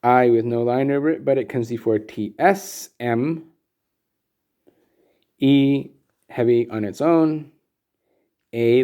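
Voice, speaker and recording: A man's voice: mid-range voice, dull audio. A man teaching Sanskrit meter in a recorded lesson, explaining things patiently and methodically with frequent ums.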